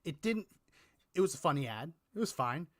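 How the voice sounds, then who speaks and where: Bright-toned man on a dry, close mic. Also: on the high side, very animated, normal speed, no echo. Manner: meandering, restarts sentences, chuckles. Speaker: podcast co-host. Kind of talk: casual political chat.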